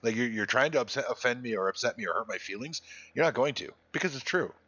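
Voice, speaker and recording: A man's voice: medium pitch, lively intonation, quick pace, pushed and bright, lo-fi sound. A man chatting casually and bluntly while streaming a video game, rambling with restarts and crude language. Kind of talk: casual live-stream gaming chat.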